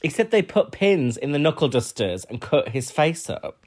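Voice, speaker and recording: Yorkshire guy on a chat podcast, deadpan jokes, storytelling vibe. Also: on the high side, moderate pace. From Huddersfield, England. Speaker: podcast co-host. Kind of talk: casual chat.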